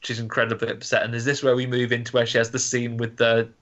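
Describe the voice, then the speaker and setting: A man co-hosting a casual film review chat, acting out characters in quick asides. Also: medium pitch, completely flat delivery, a bit bright. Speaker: podcast co-host. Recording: dull lo-fi audio.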